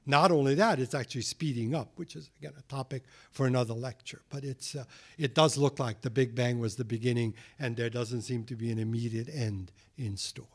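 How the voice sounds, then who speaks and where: A man's voice: mid-range voice, fairly even intonation, brisk. A man giving a public science lecture as a guest speaker, with joking, wry asides.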